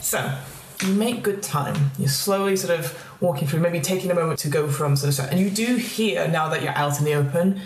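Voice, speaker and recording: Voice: mid-range voice, moderate pace, a little hiss or hum. A game master narrating a tabletop horror game, rambling with many fillers. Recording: echoey room.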